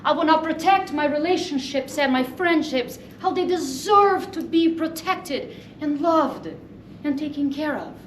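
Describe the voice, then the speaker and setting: A woman's voice: sits high, measured pace, slight background noise. A woman giving an earnest impromptu club speech, listing her points in short phrases. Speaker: table topics speaker. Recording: echoey room, mic far off.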